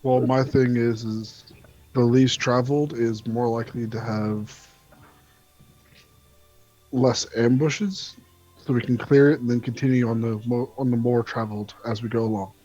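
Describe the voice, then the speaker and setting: A man at a tabletop game, weighing the plan in a measured way. He speaks in a monotone with a mellow, dark tone. The sound comes through a dull, lo-fi microphone. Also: mid-range voice, soft background music. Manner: measured, reasoning aloud. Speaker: player. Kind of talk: casual tabletop play. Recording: dull lo-fi mic.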